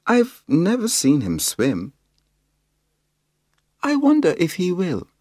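A man reading a storybook aloud, voicing a cheerful, reassuring mother in a raised, lively voice. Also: high-pitched, slow pace, no room sound, studio quality, voice pushed up, heavily acted.

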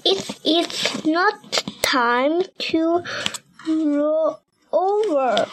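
A little girl reading a picture book aloud in English, slowly and carefully, with a few restarts, barking the dog's woofs in a lower voice. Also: poor audio. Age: child. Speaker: young reader.

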